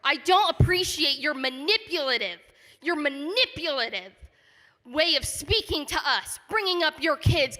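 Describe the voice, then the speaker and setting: An angry resident makes an impassioned public comment at a community forum in a church hall, indignant, her voice rising. Her high-pitched voice is animated, bright, and forceful at a measured pace, and the hall is reverberant.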